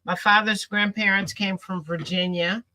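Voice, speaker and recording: A woman from the Midwestern United States chatting casually about family trips south, laughing often and telling lively stories. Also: mid-range voice, normal speed. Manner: laughing, animated storytelling with dialect. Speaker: host. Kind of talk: casual chat while sewing.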